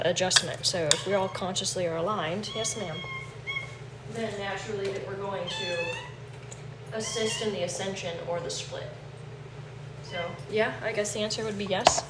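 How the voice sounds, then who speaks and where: A woman's voice: mid-range voice, very noisy. A woman chatting casually on a livestream from her home kitchen, talking to viewers. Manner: chatty, coos baby talk to her cat. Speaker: livestream host.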